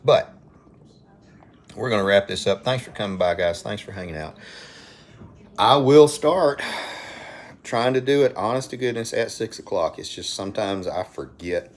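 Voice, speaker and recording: A man's voice: fairly low pitch, lively intonation, moderate pace, pauses often. A middle-aged man with an Alabama accent, rambling in a folksy way as he hosts a casual live stream from his phone at home. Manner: folksy, rambling, talks to viewers by name. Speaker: livestream host.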